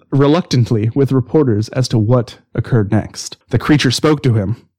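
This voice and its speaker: A man hosting a casual podcast, reading a story aloud with dramatic pauses and laughing often. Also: mid-range voice, a little mellow, dry recording, studio quality. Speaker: podcast host.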